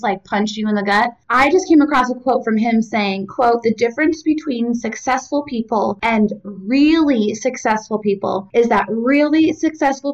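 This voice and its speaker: A young woman talks through wellness advice in a casual, rambling way, full of little asides and fillers. Her voice sits fairly high. The sound is a bit distant from the mic and slightly dull. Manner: chatty and rambling, with many "like" fillers and side notes. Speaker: university staff member giving wellness advice. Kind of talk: casual self-help talk to camera.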